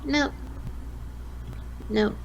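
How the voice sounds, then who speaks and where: A woman in her late fifties with a Southern US accent, a radio host chatting as a podcast guest, folksy and quick to laugh. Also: dull audio. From American South. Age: 50s. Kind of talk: casual interview chat.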